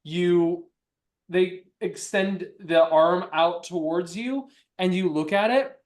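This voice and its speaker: A man running a tabletop game as game master, excitable and rambling, often laughing. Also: sits high, slow.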